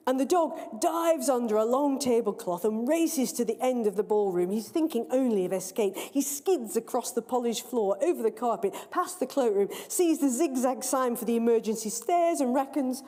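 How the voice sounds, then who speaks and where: A woman reading her own story aloud at a live event in a large library hall, with expressive, measured storytelling. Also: on the high side. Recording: long reverb of a large hall.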